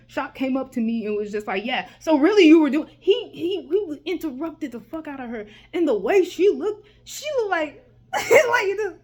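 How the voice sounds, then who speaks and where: A young woman telling a school story in a casual vlog, animated and heated, with lots of fillers and swearing. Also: fairly high pitch.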